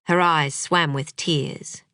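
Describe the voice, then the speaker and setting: A woman reading an audiobook in a measured, unhurried way. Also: low-pitched, fairly even intonation, bright, forceful tone, smooth, no room sound, clean studio sound. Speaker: audiobook narrator. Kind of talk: scripted audiobook narration.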